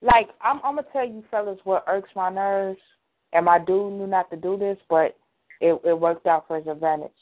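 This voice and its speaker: A woman's voice: mid-range voice, normal speed. A woman co-hosting a radio talk show, chatting casually and emphatically, speaking straight to listeners. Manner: emphatic, addresses listeners directly. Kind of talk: casual chat. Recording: tinny phone-like sound.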